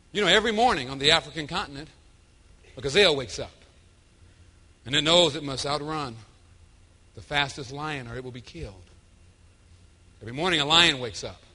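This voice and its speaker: A man delivering an emphatic, energetic motivational keynote with storytelling. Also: medium pitch, slightly rough. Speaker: motivational speaker.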